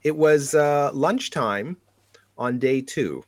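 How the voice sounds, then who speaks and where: A man from Canada in casual conversation, telling animated road-trip stories and laughing often. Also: mid-range voice, slow pace, no room sound. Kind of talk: casual chat.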